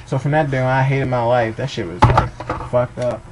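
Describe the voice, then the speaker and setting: A young man with a medium-pitched, fairly even voice tells rambling, profane funny stories at a brisk clip, laughing at his own jokes as he goes. He's a casual storyteller, and there's faint background noise.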